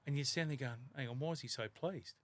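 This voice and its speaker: An Australian man in his fifties, a podcast guest telling lively stories in casual chat and laughing often. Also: medium pitch, fast. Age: 50s.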